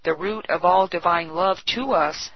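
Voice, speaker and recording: A woman giving a solemn, measured scripted devotional reading. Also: on the low side, breathy edge. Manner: slow, solemn, measured delivery. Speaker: devotional reader. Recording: dull, dry lo-fi recording.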